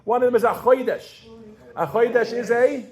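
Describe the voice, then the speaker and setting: A pregnant woman teaching Yiddish to a class, animated and casual, quizzing her students with frequent questions. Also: on the high side, normal speed. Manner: casual, with fillers and restarts. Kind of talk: classroom language lesson.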